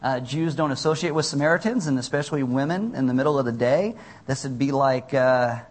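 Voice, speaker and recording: A man's voice: medium pitch, a little fast. A young adult man, a pastor, giving a conversational sermon, reading scripture aloud and adding casual asides.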